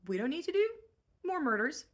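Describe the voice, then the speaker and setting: A woman's voice: sits high, big pitch swings, brisk, voice pushed up. A woman voicing a skeptical, weary queen who talks in a dry, doubting way. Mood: doubtful.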